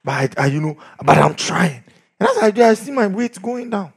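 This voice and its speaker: A middle-aged man preaching a sermon, swinging from shouts down to near whispers. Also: sits high, big pitch swings, brisk, vocal fry, breathy edge. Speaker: pastor.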